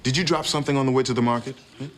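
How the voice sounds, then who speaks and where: An actor playing a stern, prim financial advisor who scolds with formal, mock-grave disapproval in a sitcom. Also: male voice, medium pitch, steady tone, very fast, background noise, lightly acted. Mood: scolding. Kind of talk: 1990s sitcom acting.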